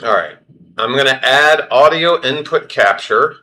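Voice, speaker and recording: A man hosting a baseball livestream, flustered and self-deprecating, muttering his way through the play-by-play. His voice is bright and forward, pitched at an everyday middle. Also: lively intonation, measured pace. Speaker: baseball stream host. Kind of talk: casual live play-by-play.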